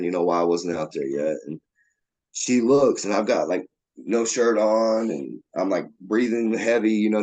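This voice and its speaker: A man's voice: fairly low pitch, darkish tone. A man, a guest telling a long story in a casual way and acting out the voices of the people in it. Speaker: interview guest.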